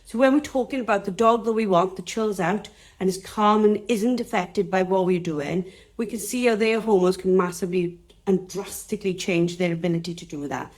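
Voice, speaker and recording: A woman's voice: mid-range voice, fairly quick. A chatty Welsh woman hosts a casual live session about dogs. She rambles and talks straight to her viewers, with a mid-range voice. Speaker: dog trainer hosting a live session. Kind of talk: casual live-stream teaching talk.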